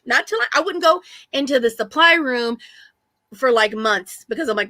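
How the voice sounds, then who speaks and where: A woman's voice: high-pitched, animated, normal speed, sharp tone, no room sound. A woman hosting a live stream, telling rambling stories in casual chat with lots of restarts. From Texas. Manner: chatty storyteller, rambling with many restarts.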